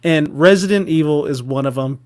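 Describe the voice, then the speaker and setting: A middle-aged man with a slightly high voice co-hosts a live web show, talking a little fast. He's lively and chatty, laughing a lot during the casual live-stream conversation.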